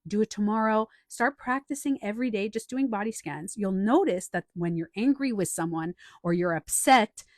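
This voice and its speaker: A woman talks to viewers on a live stream, coaching them in a casual, animated way. She slips into the voices she quotes, now hushed, now loud. The sound is dry and close, with no room around it. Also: mid-range voice, moderate pace, hardly any pauses, no room sound. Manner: animated, acts out quoted inner voices, laughs and trails off.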